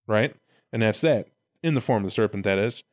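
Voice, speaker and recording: A man's voice: on the low side, a little fast, dry recording, studio quality. A man casually retelling a story for laughs, swearing often and acting out the characters. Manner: animated, profane, acts out characters in raised voices.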